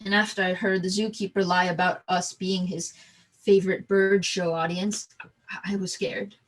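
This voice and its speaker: A woman performing a theatrical storytelling monologue, halting with frequent restarts and repeated words. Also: medium pitch, flat delivery, poor audio. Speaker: stage performer.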